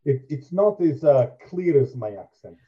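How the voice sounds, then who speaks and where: A man's voice: on the high side, big pitch swings, unhurried, muffled recording. A man voicing a big, toothy male creature who talks in a stiff, formal, suspicious way. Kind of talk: tabletop role-play.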